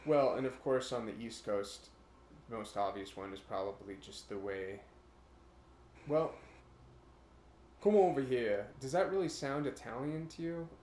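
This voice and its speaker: A man's voice: mid-range voice, normal speed, hardly any pauses, a little mellow, echoey room, a little hiss or hum. A man co-hosting a casual chat, rambling and breaking into brief imitation voices, a little nervous about recording. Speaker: podcast co-host.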